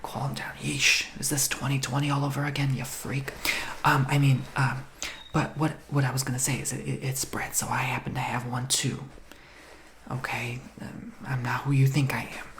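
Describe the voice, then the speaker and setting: A man's voice: medium pitch, little pitch movement, normal speed, vocal fry, fairly bright tone, a little hiss or hum. A man whispering in a role-play as a brash, pushy saleswoman in disguise who calls the listener darling and honey.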